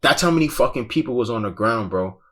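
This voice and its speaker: Expressive and fast-talking, this man has a mid-range, slightly bright voice. As a guest, he breathlessly and intensely recounts being in a festival crowd crush, casual, slangy, profane, and dropping "bro" nonstop.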